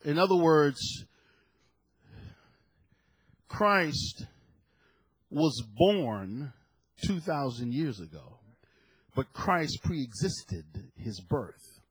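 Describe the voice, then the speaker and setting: A man's voice: high voice, husky, no room sound, poor audio. A male pastor preaching a sermon emphatically, often chuckling and putting questions to the congregation.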